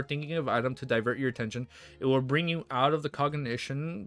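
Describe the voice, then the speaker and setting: A young man on a live stream, reading a novel aloud and breaking off for excited, swear-filled chat. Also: mid-range voice. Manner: reads quickly then breaks into excited swearing reactions.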